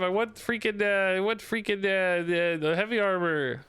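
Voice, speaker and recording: A man's voice: high-pitched, normal speed, hardly any pauses, pushed and bright, slight background noise. A young man streaming a card game, chatting to his viewers in a loose, self-mocking way and laughing often. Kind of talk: casual gameplay commentary.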